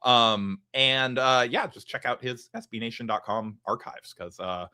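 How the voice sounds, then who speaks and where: A man's voice: medium pitch, unhurried, bright, forceful tone, smooth. A man co-hosting a casual sports podcast, rambling and teasing, with lots of "like" and restarts. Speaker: podcast co-host.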